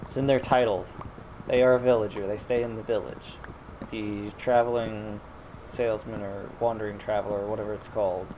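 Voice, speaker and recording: A man's voice: fairly low pitch, fairly even intonation, brisk, noisy background. A man streaming a video game, rambling in casual commentary with frequent self-corrections and mild exasperation. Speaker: gaming streamer.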